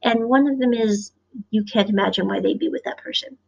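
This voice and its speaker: A woman's voice: fairly high pitch, huge pitch swings, brisk, gravelly. A woman from the US Midwest, rambling chattily through a casual recap of a show's episode. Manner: rambling, chatty, acts out quotes. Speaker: show reviewer. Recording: dull lo-fi recording.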